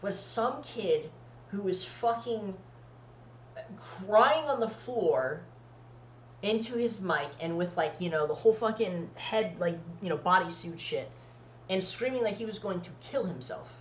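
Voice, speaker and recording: A man's voice: high-pitched, lively intonation, measured pace, roomy sound, a little hiss or hum, rough recording. A man co-hosting a podcast, telling long, rambling stories full of swearing in casual chat. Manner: rambling, profane, storytelling. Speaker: podcast co-host.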